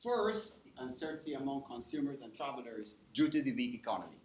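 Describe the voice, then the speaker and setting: In an echoey lecture-hall recording with slight hiss or hum, a man gives a university lecture in a medium-pitched, sing-song, brisk voice. He keeps it interactive, frequently stopping to make sure the students are keeping up.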